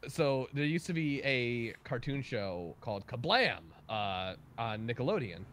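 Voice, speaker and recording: A young man holds a casual livestream chat in an ordinary middle-pitched voice. He tells crude stories with a lot of energy and swears freely. He sounds like a host entertaining his guests. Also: measured pace. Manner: excitable, profane storyteller.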